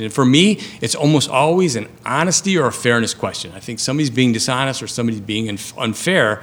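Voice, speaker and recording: A man's voice: medium pitch, a little fast, hardly any pauses, a bit bright. A man in his fifties, a surgeon giving a conversational lecture to residents in a hall, often checking in with "right?". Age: 50s. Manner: conversational, ends points with "right?". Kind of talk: lecture to a live audience.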